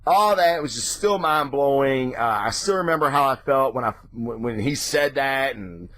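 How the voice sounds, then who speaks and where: A man hosting his own show, ranting casually and excitably with lots of swearing. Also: normal speed, no echo. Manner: profane, excitable, mimics reactions in a high voice. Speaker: podcast host.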